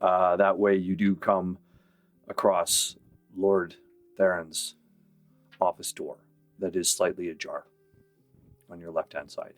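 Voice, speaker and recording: A man runs a tabletop game and describes each room in a relaxed, descriptive way. His voice sits a little low, and he leaves filler pauses between the details. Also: no room sound, faint music behind. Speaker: game master.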